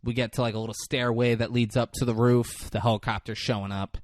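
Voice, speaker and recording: A man's voice: medium pitch, quick pace, no room sound, clean studio sound. A profane man recapping a movie. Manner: animated, profane, laughing often. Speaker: podcast host.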